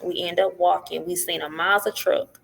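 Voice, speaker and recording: A woman's voice: lowish voice, moderate pace, gravelly. A middle-aged woman, a podcast guest telling her story in casual talk and acting out what others said. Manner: animated, acts out what others said.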